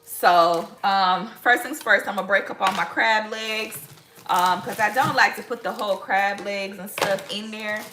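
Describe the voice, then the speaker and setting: A woman's voice: mid-range voice, fairly even intonation, a little slow, sharp tone, roomy sound, slight background noise. A woman from Mississippi, chatting casually with viewers in a cooking vlog from her home kitchen, full of rambling asides and y'all. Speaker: lifestyle vlogger.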